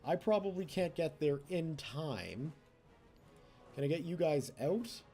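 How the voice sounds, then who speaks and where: A man's voice: fairly high pitch, expressive, slow pace, dark tone, soft background music. A man giving casual gameplay commentary as a let's play host, chatty and teasing the computer opponents.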